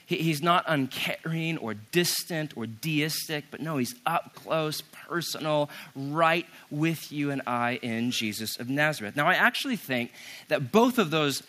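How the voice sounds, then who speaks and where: Conversational preaching man with a higher voice. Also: expressive, bright, forceful tone. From United States. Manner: conversational preaching with quick asides to the audience. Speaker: pastor. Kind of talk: sermon. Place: conference hall with an audience.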